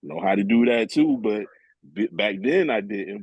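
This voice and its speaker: A man's voice: on the low side, expressive, moderate pace, gravelly, breathy edge, dry recording, highs cut off. A man in a casual heart-to-heart talk, telling stories in a laid-back, streetwise way. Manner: laid-back, streetwise storytelling, chuckles often.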